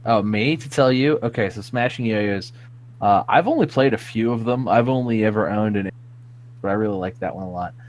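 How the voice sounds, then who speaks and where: A man's voice: fairly low pitch, brisk. A man chatting casually as a podcast guest, laid-back and rambling with many fillers. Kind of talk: casual chat.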